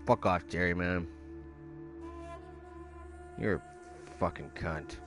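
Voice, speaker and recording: A man swearing nonstop at a video game while he plays, sliding from low grumbling into loud outbursts. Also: slow pace, over loud music. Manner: profane, swears constantly at the game; explodes into shouting when frustrated. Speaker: gamer. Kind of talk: raging gameplay commentary.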